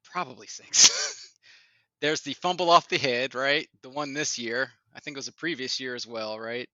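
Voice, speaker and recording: A man co-hosting a casual sports chat, lively and opinionated, laughing often. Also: medium pitch, moderate pace, no room sound, dull audio. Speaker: podcast co-host.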